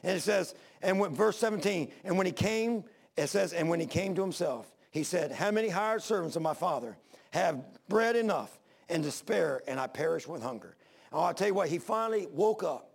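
A man in his sixties preaches with a raised, gravelly voice. He drives his points home with repeated pleading questions and plain country talk. The sound is rough-edged and earnest. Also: high-pitched, lively intonation, moderate pace. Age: 60s. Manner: fervent, repetitive pleading questions. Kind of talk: sermon.

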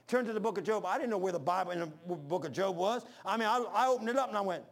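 A man preaching a sermon, folksy and storytelling, swinging between loud high bursts and low murmurs. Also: quick pace, few pauses. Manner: folksy, says "man" often.

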